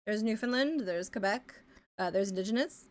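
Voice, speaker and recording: A woman from Ontario, chatting casually as a live streamer while she draws. She thinks aloud with many fillers and often trails off into quiet mumbles. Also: medium pitch, moderate pace. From Canada, Ontario. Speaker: live streamer and pixel artist. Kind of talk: casual chat while drawing.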